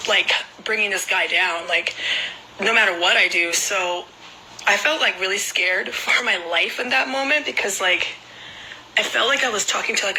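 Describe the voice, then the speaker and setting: Young woman, casual rambling storytelling, constant "like" fillers, very bright sharp voice, middle pitch. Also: a little hiss or hum, low-quality recording.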